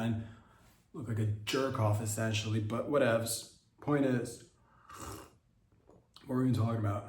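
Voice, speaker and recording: A man's voice: mid-range voice, steady tone, unhurried, long pauses, darkish tone, roomy sound, recorded from a distance. A man hosting a comedy podcast, riffing in an absurd, rambling monologue and often correcting himself mid-sentence. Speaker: podcast host.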